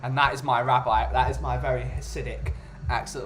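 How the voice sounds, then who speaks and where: A man's voice: mid-range voice, steady tone, moderate pace, hardly any pauses, slight background noise. A man hosting a casual chat who jokes and rambles about food and culture. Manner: jokey, rambling. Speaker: host.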